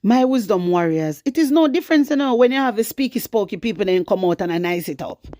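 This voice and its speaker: A woman's voice: medium pitch, lively intonation, fast talker, mellow, no room sound, studio quality. A Jamaican woman hosting her own channel, ranting bluntly and fierily about politics, slipping into patois as she speaks to her viewers. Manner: blunt, fiery, switching into patois. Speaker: political commentary vlogger. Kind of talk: casual political rant to viewers.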